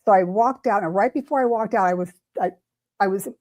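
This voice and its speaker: A woman's voice: medium pitch, a little fast, a little mellow. A woman, a tarot reader, telling a personal story in casual chat, emotional and rambling with many restarts. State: tearful at the start. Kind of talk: casual storytelling on a talk stream.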